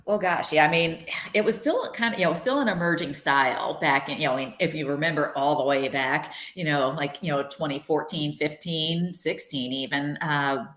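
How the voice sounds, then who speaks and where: A woman head brewer joins a stream over a video call and talks in a relaxed, rambling way. Her voice sits low, and the room around her makes it sound echoey. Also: normal speed, few pauses. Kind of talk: casual interview chat. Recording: roomy video call audio.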